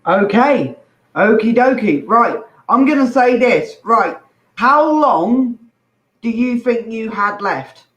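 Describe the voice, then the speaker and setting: A man's voice: very high voice, expressive, takes it slowly, fairly bright tone, highs cut off. A man hosting an online comedy contest, loose and swearing, with hesitant fillers. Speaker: host. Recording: echoey room with faint noise.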